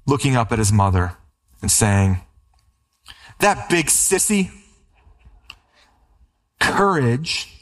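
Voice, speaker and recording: A man preaching a sermon as a pastor, building emphatic runs and slowing on key lines. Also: medium pitch.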